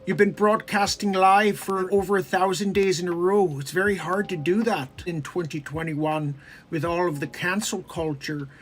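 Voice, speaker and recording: A man doing a comedic impression of a measured, earnest psychology professor. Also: high voice, fairly even intonation, faint music behind, close to an everyday voice. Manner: measured, formal.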